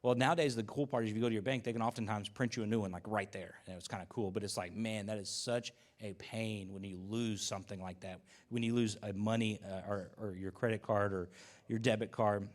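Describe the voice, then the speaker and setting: A male pastor giving a conversational sermon, telling relaxed stories full of fillers and asides. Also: on the low side, brisk.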